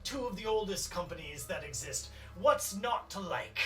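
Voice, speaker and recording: A game master voicing a stuffy, disdainful older male mayor who speaks slowly and primly. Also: medium pitch, lively intonation, natural voice. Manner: prim, slow, disdainful. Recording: roomy room, distant mic, faint music.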